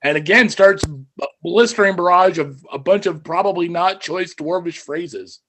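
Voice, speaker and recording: A man with a rather high voice runs a tabletop game over voice chat. He narrates in a dry, easygoing way, breaking off and restarting his sentences as he goes. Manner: relaxed, wry, with halting restarts. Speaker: game master.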